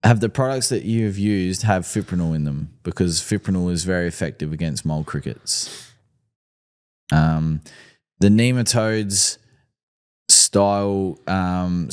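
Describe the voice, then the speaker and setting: Deep-voiced Australian man, hesitant. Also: darkish tone, smooth. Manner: hesitant, lots of ums and restarts. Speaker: lawn care podcast host. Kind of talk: casual live chat, answering viewer questions.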